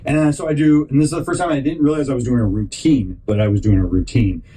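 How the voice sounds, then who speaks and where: A man's voice: mid-range voice, fairly even intonation, quick pace, dark tone, breathy edge, poor audio. A man hosting a podcast, telling a long rambling story and acting out other people's lines in put-on voices. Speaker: podcast host.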